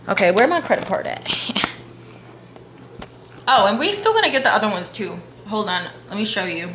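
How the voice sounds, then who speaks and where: A young woman vlogging at home, chatting casually and slangily while shopping online, gasping and whispering when excited. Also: fairly high pitch, moderate pace. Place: room at home. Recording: echoey room with faint hum.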